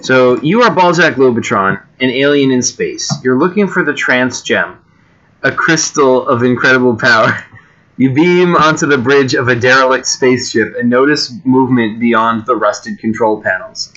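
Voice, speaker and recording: A man's voice: medium pitch, normal speed, a bit bright, lo-fi sound. A man casually reading generated stories aloud, often breaking off with fillers and chatty asides. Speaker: reader and creator of homemade games.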